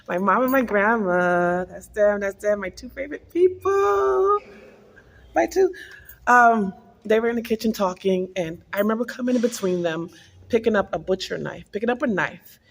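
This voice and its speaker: A woman's voice: mid-range voice, moderate pace, big-room sound. A woman vlogger earnestly telling an emotional personal spiritual testimony.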